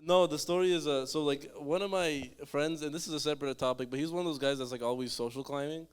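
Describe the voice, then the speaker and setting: A man's voice: on the high side, steady tone, fast talker, clear, resonant tone. A young man, a comedian on a panel show, telling a rambling, self-mocking story full of restarts.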